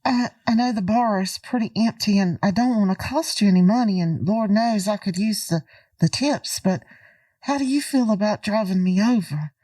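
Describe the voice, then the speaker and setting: A woman's voice: mid-range voice, moderate pace, dark tone, no echo, far from the mic. A woman playing a tabletop role-playing game, speaking in character in a flirty, playful way. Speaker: player.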